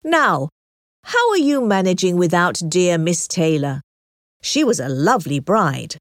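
A woman's voice: lowish voice, very animated, a little slow, no room sound, studio quality. A woman voicing a respectable man in his late thirties who speaks plainly and directly. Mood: polite.

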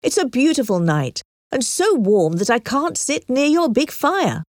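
Woman voicing a plain-spoken gentleman, late thirties, steady delivery, dry close sound. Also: high voice, unhurried, no room sound, pitched above the performer's own voice. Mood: polite. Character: respectable man in late thirties, frank and teasing.

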